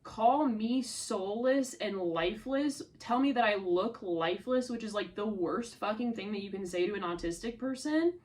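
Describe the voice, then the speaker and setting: A woman's voice: mid-range voice, expressive, normal speed, hardly any pauses, a little mellow. A woman in an angry vlog rant, swearing and speaking straight at someone she is upset with, her voice strained with anger. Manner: furious, swearing, addressing someone directly. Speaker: content creator.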